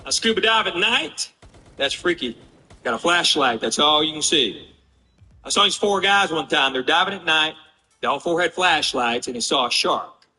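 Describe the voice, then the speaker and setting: Guy doing standup, real bright sharp voice, kinda high, rambly story with snippy asides to the crowd. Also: expressive, normal speed, slight background noise. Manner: rambling storytelling with mock-defensive asides to the audience. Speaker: stand-up comedian. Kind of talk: stand-up comedy routine.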